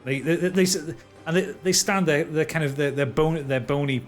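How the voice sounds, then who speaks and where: A man's voice: fairly high pitch, brisk, faint music behind. A man narrating as dungeon master, stumbling and repeating words as he describes the action. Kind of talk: narrating a tabletop game.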